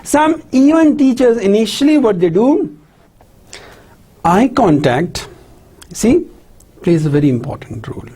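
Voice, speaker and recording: A lecturer giving a classroom lecture on teaching skills. The lecturer keeps checking in with "right?" and "clear?" and asks questions, then answers them. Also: medium pitch, very animated, a little slow, long pauses, warm tone. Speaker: university lecturer.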